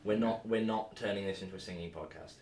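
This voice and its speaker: A man's voice: sits low, quick pace, a little hiss or hum. A man co-hosting a podcast and talking casually as a game master, rambling with restarts. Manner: relaxed, rambling, with frequent restarts. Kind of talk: casual chat. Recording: echoey room, distant mic.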